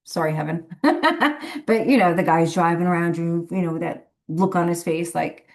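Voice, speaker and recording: A woman's voice: fairly low pitch, steady tone, moderate pace, gravelly, a little mellow. A woman who works as a medium, telling a rambling story in a casual, chatty way and laughing often between phrases. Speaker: professional medium.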